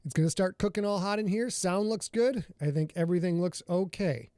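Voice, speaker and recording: A man's voice: high voice, brisk, mellow, clean tone, no echo. A man hosting a casual livestream from his home studio, chatting loosely and greeting viewers by name. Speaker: podcast host and author.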